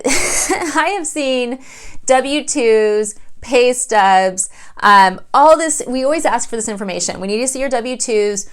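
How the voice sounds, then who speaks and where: A middle-aged woman, a mortgage loan officer, explaining in a casual vlog and acting out little dialogues as she goes. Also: on the high side. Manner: animated storytelling, acts out dialogue.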